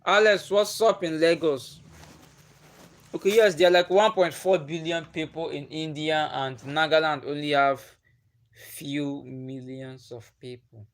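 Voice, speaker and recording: Speaking a little slowly, with a fairly high pitch and fairly even intonation, a young Igbo-speaking Nigerian man hosts a livestream. He chats casually with viewers in a Nigerian accent and repeats himself a lot.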